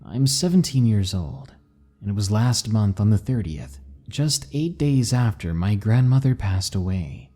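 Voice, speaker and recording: A man narrating scary stories in a measured, dramatic reading style. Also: fairly low pitch, animated, warm tone. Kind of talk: scripted horror narration.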